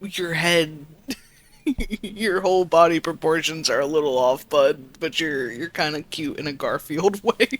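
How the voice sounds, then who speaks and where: A streamer giving casual gameplay commentary on a horror game, laughing often, swearing and reacting loudly. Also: medium pitch, unhurried.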